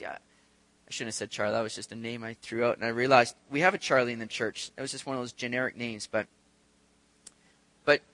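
A man's voice: medium pitch, fairly even intonation, a little fast, fairly bright tone, dry recording. A man preaching a conversational sermon, acting out the voices of the people in his stories. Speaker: pastor. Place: church sanctuary.

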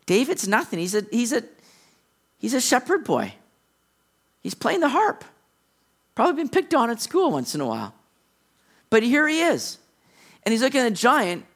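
A middle-aged male pastor preaching a sermon, animated, acting out the lines of the characters in the story he tells. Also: sits high.

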